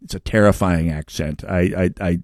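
A man's voice: sits low, steady tone, moderate pace, a little mellow, no echo. Dude doing a sarcastic opinion rant, trips over his words a bit, dry close mic. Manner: sardonic and opinionated, with stammered restarts. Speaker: commentator. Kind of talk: opinion commentary monologue.

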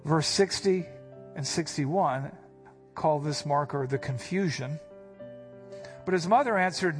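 A man preaching a sermon, walking his listeners through scripture verse by verse. His voice sits a touch higher than most men's, and he leans hard on key phrases as he explains word meanings. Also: slow, long pauses, faint music behind. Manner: teaching, emphatic, explains Greek words. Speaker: pastor.

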